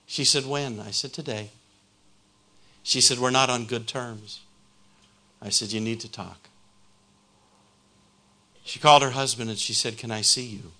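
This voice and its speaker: Male preacher, slow deliberate delivery, bright forceful tone, fervent sermon storytelling. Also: medium pitch, fairly even intonation.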